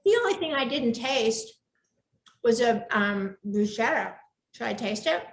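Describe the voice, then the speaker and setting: A woman's voice: on the high side, lively intonation, measured pace. A woman hosting a live cooking show from her home kitchen, chatting with enthusiasm and gushing over the food. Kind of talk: live cooking demo chat. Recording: echoey room.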